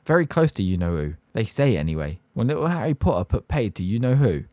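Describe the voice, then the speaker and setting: A man voicing a gossipy young male bus conductor, excitable and rambling, for an audiobook. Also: fairly low pitch, fast talker, no room sound. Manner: excitable, rambling, keeps seeking agreement. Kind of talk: audiobook character voice.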